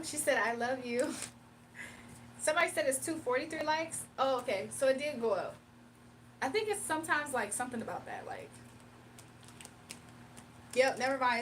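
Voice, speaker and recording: A woman's voice: sits high, a bit bright. A woman hosting a casual livestream. She speaks, laughing often and reading viewers' chat messages aloud. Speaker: livestream host doing readings. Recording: a bit distant from the mic, faint room noise.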